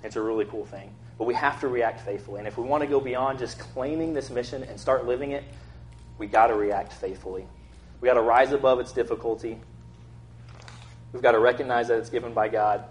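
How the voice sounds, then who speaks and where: A man's voice: mid-range voice, a little fast. A young man preaching a casual, conversational sermon, acting out quotes in an everyday voice. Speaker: pastor.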